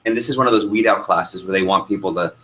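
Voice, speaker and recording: A young male sales trainer, his voice slightly low, teaches a workshop to a live room of trainees, talking fast and weaving in a story. He's a lively storyteller who keeps putting questions to the group. The recording is rough, with a faint hum of room noise beneath him.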